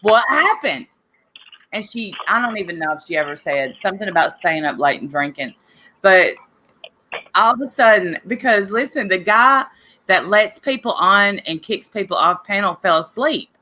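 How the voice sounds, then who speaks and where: There's a little hiss or hum behind this woman's medium-pitched voice, which is pushed, bright and lively at a moderate pace. As a podcast host with a cough, she rambles and gossips chattily on her casual talk show, speaking right to her listeners.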